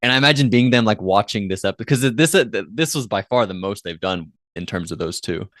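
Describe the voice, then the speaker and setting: A man's voice: on the low side, a little fast, fairly bright tone, dry recording, studio quality. A man co-hosting a podcast in casual chat, rambling with frequent restarts and fillers. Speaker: podcast co-host.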